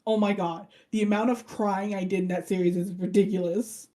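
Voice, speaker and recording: In a mid-range voice that runs a little fast, a podcast co-host eagerly retells an anime's plot. She's an animated storyteller who performs the characters' lines.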